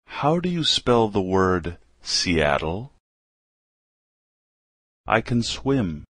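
A man slowly reading short practice phrases aloud for a language lesson, one at a time with pauses. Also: on the low side, sing-song, fairly bright tone, breathy edge, no echo, clean studio sound.

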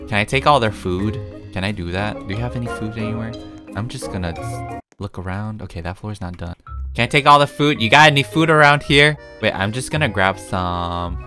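A man commenting casually on his gameplay, giggly and mischievous, laughing often. His pitch swings widely as he talks. Soft game music plays faintly underneath. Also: animated, fairly quick. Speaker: gaming YouTuber.

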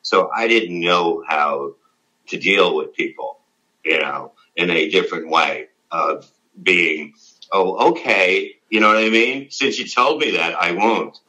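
Speaking in a low, unhurried voice with a bright, forceful tone, a middle-aged guest and one-time radio show regular spins a profane, meandering story packed with fillers in casual conversation. The recording sounds rough.

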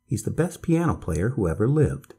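A man's voice: mid-range voice, sing-song, a little fast, dark tone, slightly rough. A man voicing a blunt, proud and impatient six-year-old girl in a storybook reading.

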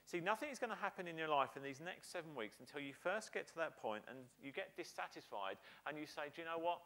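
British male pastor, sermon delivery, lively sing-song pitch, slightly higher voice than most men. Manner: animated preaching, acting out quoted voices with slowed emphatic lines.

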